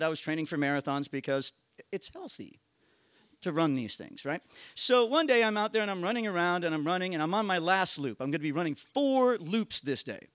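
A middle-aged American man tells a comic story live, rushing through run-on sentences with profanity and self-mockery. His voice sits high, and the sound is close and dry with no room echo. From United States. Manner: animated, profane, self-mocking, builds tension with quick run-on narration. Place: live storytelling event at a bar.

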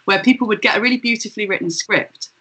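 A woman's voice: medium pitch, fast talker, bright, forceful tone, breathy edge, low-quality recording. A woman on a video call, a guest comedian, chatting in a ranting, self-deprecating way. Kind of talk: casual chat on a video call.

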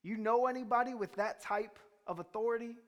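This preacher's voice is very high-pitched and fairly quick; he tells stories in a chatty way during his sermon and puts questions to the congregation, with the hall's reverb ringing around him.

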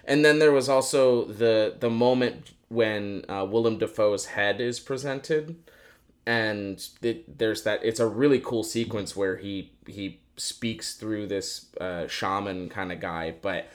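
A man with a fairly low voice co-hosts a casual film podcast. He rambles, restarts his sentences and swears when something excites him. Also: slow. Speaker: podcast co-host. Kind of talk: casual film review chat.

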